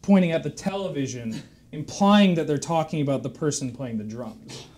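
A man with a slightly high voice spins a rambling shaggy-dog joke on a live stream. He wanders off-track, corrects himself, and slips in deadpan asides as he goes. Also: normal speed. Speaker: stream performer.

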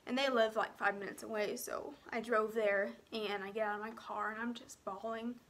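A young woman with a somewhat high, bright voice tells her own story in a personal vlog. She is emotional and close to tears. She speaks haltingly and softly, often sinking to a near whisper and filling pauses with "um" and "like.". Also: fairly even intonation, a little hiss or hum. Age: young adult. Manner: frequent "um" and "like" fillers.

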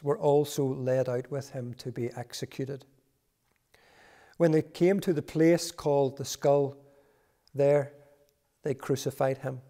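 Slow, solemn male scripture reader. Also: medium pitch, warm tone. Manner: measured, solemn reading. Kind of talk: reading scripture aloud in a service. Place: church.

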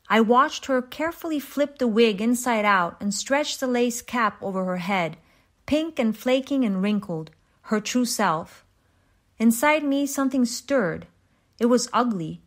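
A woman reading a short story aloud in an even, measured way, with small restarts. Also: on the high side. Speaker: reader.

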